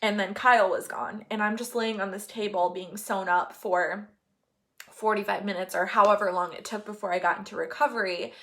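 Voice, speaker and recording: A woman's voice: mid-range voice, steady tone, moderate pace. Chatty young woman telling a story. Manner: candid, chatty storytelling with many fillers; gets emotional, laughing and crying. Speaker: vlogger. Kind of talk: casual chat.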